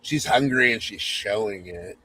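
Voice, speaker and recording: A man's voice: on the low side, unhurried, bright, forceful tone, a little hiss or hum, low-quality recording. A man hosting a podcast, reading a spoof romance story in second person with mock-sultry narration and teasing asides. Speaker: podcast host.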